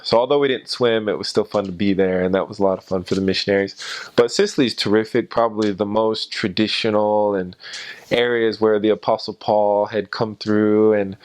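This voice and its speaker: A young man casually telling stories about his time as a missionary, rambling with many pauses and fillers. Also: fairly low pitch, smooth. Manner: rambling, frequent "uh" and "and so". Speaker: former missionary. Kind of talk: casual storytelling.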